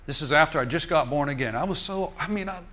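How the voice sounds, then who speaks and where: An older man preaching in a church, telling a personal story to the congregation in lively storytelling fashion with chuckles. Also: fairly high pitch, quick pace. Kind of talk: sermon testimony.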